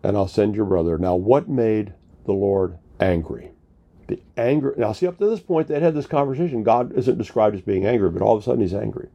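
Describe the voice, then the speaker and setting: A man's voice: fairly low pitch, animated, a little fast, gravelly, highs cut off. A male pastor giving a sermon in a conversational storytelling manner, retelling scripture with casual paraphrased dialogue.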